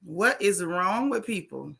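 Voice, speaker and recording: A woman's voice: on the low side, lively intonation, unhurried, creaky, fairly bright tone. A woman hosting a casual gossip livestream, chatting straight to her viewers and reading posts aloud in her own voice.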